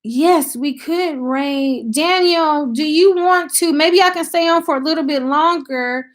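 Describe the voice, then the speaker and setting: Southern country gal chatting on a livestream into her laptop mic, high voice, takes her time. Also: measured pace. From Tennessee, US South. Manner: chatty, thanks viewers by name, many fillers. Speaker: channel host on a live stream. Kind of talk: casual live-stream chat.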